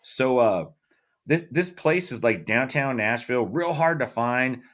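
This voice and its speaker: A man's voice: mid-range voice, lively intonation, unhurried, fairly bright tone. Casual, profane male podcast co-host. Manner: loose and profane, lots of fillers. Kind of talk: casual chat.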